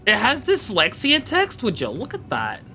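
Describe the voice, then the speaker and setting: A man's voice: high voice, wildly swooping pitch, normal speed, sharp tone, soft background music. An Australian man chatting casually and joking while he streams a game. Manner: chatty, joking, mock-grumbling. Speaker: livestreamer. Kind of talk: casual gameplay commentary.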